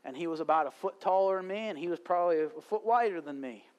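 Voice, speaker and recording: At a live church service, a pastor with a notably high voice for a man moves from storytelling into fervent preaching. He talks fast, his tone a little mellow, and the audio sounds dull.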